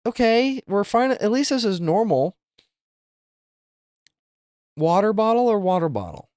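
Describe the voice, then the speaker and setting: A young man streaming live, chatting casually with viewers and reacting to things with loud, incredulous, profane outbursts. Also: high-pitched, big pitch swings, measured pace, dry recording, studio quality. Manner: incredulous, swearing, exaggerated reactions.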